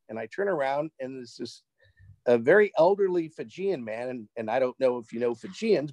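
A man as an interview guest, telling a personal travel story in an animated, casual way and often repeating words as he gets excited. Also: on the high side, creaky, no room sound, rough recording.

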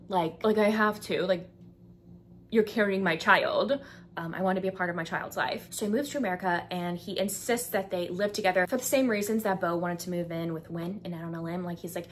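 A woman's voice: lowish voice, a little fast, a little hiss or hum. Chatty young woman with lilt. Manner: chatty, frequent fillers, acts out characters' lines. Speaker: book vlogger. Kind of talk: casual book recommendations.

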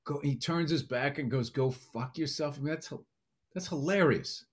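A man with a notably high voice, riffing on a comedy podcast. He teases his co-host and tells profane, animated stories in loose, joking chat. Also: normal speed, breathy edge. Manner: teasing, profane, animated storyteller who acts out voices.

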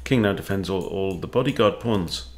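A man's voice: sits low, moderate pace. A man who coaches chess, thinking aloud as he plays and talking to himself with wry asides. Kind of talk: thinking-aloud game commentary.

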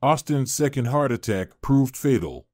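A man narrating a scripted story in an expressive storytelling manner. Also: medium pitch, a little slow, no echo, studio quality.

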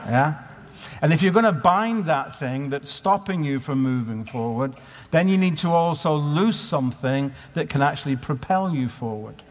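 A man preaching at a conference in a conversational way, asking many rhetorical questions. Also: on the high side. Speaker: conference speaker. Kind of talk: sermon. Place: conference hall. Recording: live hall with long reverb.

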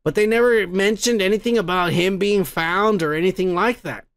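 A man's voice: high voice, normal speed, a bit bright, dry recording. A man hosting a comedy podcast, recapping a cartoon episode in a rambling, profane, casual way and tripping over his words. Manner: rambling, swears constantly, restarts often. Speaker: podcast host.

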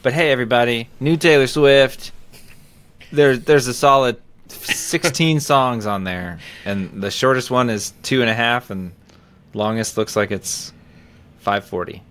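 A man co-hosting a casual podcast, talking in a relaxed, rambling way. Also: medium pitch. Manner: relaxed, rambling, reads out loud haltingly. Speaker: podcast co-host. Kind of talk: casual chat.

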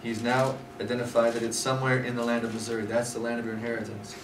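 A man's voice: mid-range voice, monotone, fast. Guy teaching a scripture class, chatty storyteller, echoey room, mic far off, some background noise. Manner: conversational storytelling with fillers. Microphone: far from speaker. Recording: roomy, distant, noisy room.

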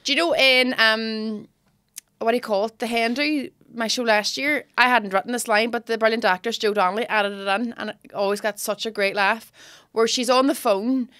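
A woman with a Northern Irish accent, a comedian co-hosting a casual podcast, telling animated stories and slipping into impressions. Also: a little high, moderate pace, clean tone, no echo, studio quality. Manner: animated storyteller, mimics and laughs.

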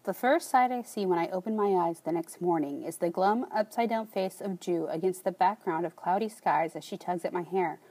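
Woman calmly reading an audiobook, warm mellow voice. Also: lowish voice, fairly quick, hardly any pauses. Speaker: audiobook narrator. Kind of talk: scripted audiobook narration.

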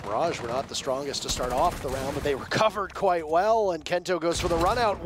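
A man calling an esports match play by play, excitable and rising to shouts on big plays. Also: high-pitched, normal speed, slight background noise. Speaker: esports commentator. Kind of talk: play-by-play commentary.

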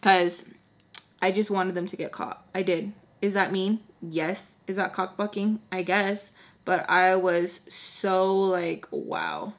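Animated young woman spilling a storytime. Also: fairly low pitch, slow. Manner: animated and chatty, heavy use of "like," repeats phrases for emphasis. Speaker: storytime vlogger. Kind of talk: casual storytime chat. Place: at home, doing her makeup while talking.

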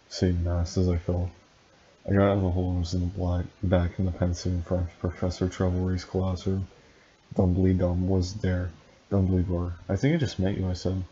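A man reading fan fiction aloud in a deadpan way, with dry asides and stumbles over words. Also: low voice, moderate pace. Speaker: reader and commentator. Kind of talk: comic read-aloud of fan fiction with commentary. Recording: dull lo-fi sound, faint hiss.

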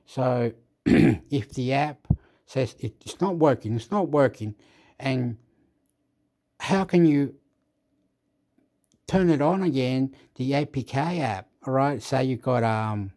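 A man's voice: takes it slowly, pauses often, warm tone. A man, the host, talking in a rambling casual monologue, jumping between topics with fillers, laughs and sound effects. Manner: makes sound effects like boop and boom.

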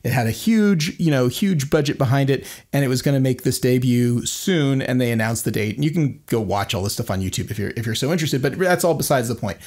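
A man of middle pitch hosts a relaxed podcast chat. He leans on fillers and hedges as he talks. He lays out his topic in a loose, meandering way. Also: a little fast, few pauses. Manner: loose, filler-heavy, hedging, stretches words. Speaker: podcast co-host. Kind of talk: casual chat.

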